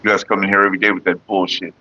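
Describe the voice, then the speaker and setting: A man's voice: low voice, level tone, rapid-fire, pushed and bright, dull audio. Blunt, profane man hosting a livestream. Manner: blunt and profane, talks straight to chat. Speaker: livestream host. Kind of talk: casual livestream chat with viewers.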